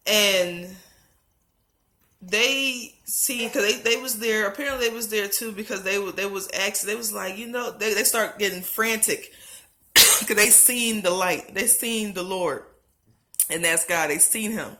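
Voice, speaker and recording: A woman's voice: mid-range voice, a little slow, sharp tone. Woman, close to tears, earnest, repetitive, pleading, roomy echo. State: heart racing, close to tears. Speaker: vlogger sharing a religious dream. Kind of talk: emotional testimony to camera.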